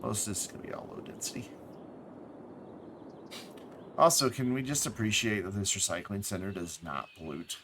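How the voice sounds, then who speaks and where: A man's voice: on the low side, animated, moderate pace, pauses often, background noise. A man thinking aloud as he plays a city-building game on a live stream, correcting himself as he goes, tired and with the hiccups. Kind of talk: casual gameplay commentary.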